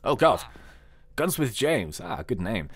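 Excitable man narrating gameplay. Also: lowish voice, slow pace, dry recording, clean studio sound. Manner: excitable, chatty, thinking aloud. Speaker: gaming video host. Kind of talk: let's play commentary.

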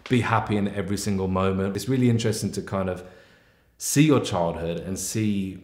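A man's voice: sits low, a little fast. A young man with an English accent, chatting casually and laughing easily while answering viewer questions with his partner. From England. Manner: relaxed, rambling, laughs easily. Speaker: vlogger co-host. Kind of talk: casual couple Q&A chat. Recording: echoey room.

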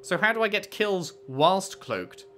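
Lively man commenting on gameplay. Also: sits high, a little slow, faint music behind. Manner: chatty, reads menus aloud, playful banter with the game. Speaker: gaming commentator. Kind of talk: casual let's-play commentary.

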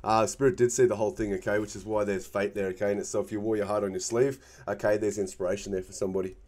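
A man's voice: on the low side, level tone, fast talker, a little mellow. A man giving a casual tarot card reading, emphatic and constantly checking in with the listener. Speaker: tarot reader.

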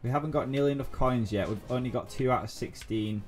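Excitable young man narrating gameplay. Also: mid-range voice, quick pace. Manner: excitable, thinks aloud, repeats himself. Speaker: gaming YouTuber. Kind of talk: let's-play commentary. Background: faint game music.

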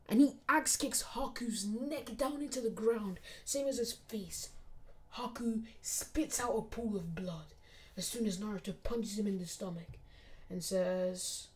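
A woman reading out a fan fiction story in plain, steady narration with casual asides. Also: mid-range voice, measured pace.

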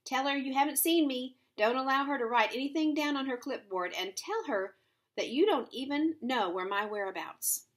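Woman voicing a dramatic little girl, earnest, breathless, raised pitch. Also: animated, brisk, few pauses, close to an everyday voice. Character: dramatic worried young girl.

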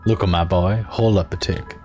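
A man voicing a weary, gruff older male townsman in a storybook game, in a lowered, grumbling voice. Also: steady tone, moderate pace, a little mellow, faint music behind.

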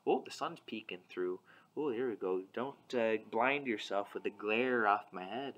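A male preschool teacher doing a picture walk of a storybook for young children, gentle and wondering, with lots of soft "oh"s and guesses. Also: on the low side, moderate pace, rough recording.

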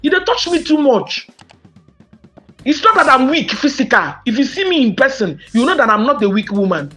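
Speaking to subscribers with soft music behind her, a woman with a Nigerian accent launches into an emphatic, outraged monologue mixing Pidgin and English. Her high voice is sing-song and a bit bright, at a moderate pace.

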